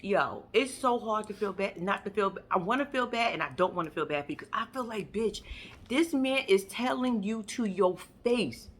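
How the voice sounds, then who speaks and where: A woman, casually recapping a reality show, animated and profane, acting out quotes and laughing often. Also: mid-range voice, normal speed.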